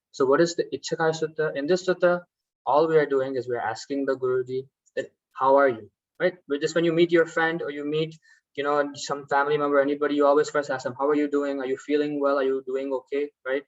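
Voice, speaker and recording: A man's voice: fairly high pitch, dry recording, dull audio. Patient man guiding a ritual workshop. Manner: patient, explanatory, often asks "right?". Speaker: workshop instructor. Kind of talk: guided ritual instruction.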